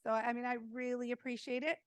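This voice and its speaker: A woman with a fairly high voice recounts a story to a meeting in a relaxed, chatty way, full of fillers and small laughs. The sound is dry and close, with no room echo. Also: quick pace, clean tone. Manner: warm anecdotal telling with fillers and laughs. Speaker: senior meal program presenter.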